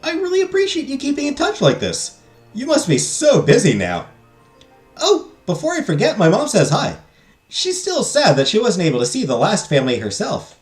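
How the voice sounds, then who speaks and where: A man voicing a peppy, excitable young man, reading game dialogue aloud in an upbeat, lilting voice. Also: high-pitched, moderate pace, faint music behind, pitched above the performer's own voice. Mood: cheerful. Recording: echoey room.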